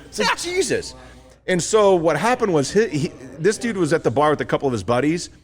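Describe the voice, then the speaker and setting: With faint music in the background, a man in his thirties talks fast in a voice on the high side. Co-hosting a podcast, he tells a story casually and acts out the quoted voices with animation.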